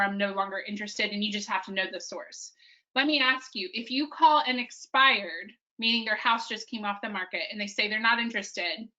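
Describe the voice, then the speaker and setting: A woman in her thirties leads a live sales workshop, talking straight to the group in a lively, conversational way. Her voice sits a little high and rings bright and forceful. The recording is dull and lo-fi. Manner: energetic, conversational, addresses group as guys. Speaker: sales coach.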